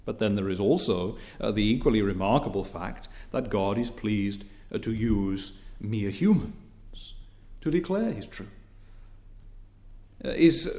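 Man preaching a measured sermon. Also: fairly low pitch, lively intonation, mellow. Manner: measured, repetitive preaching cadence with rising emphasis; occasional hesitation fillers.

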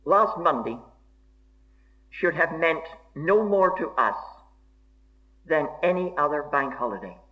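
Preacher, male, fairly high voice, measured and emphatic delivery, dull old recording. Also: animated, bright, forceful tone. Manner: slow, deliberate and emphatic, old-fashioned formal diction. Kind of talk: sermon.

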